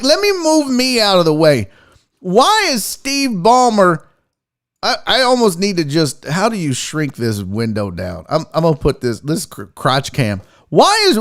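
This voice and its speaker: A man's voice: high-pitched, a bit bright. A man hosting a casual sports talk show, rambling and joking with frequent profanity. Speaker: host.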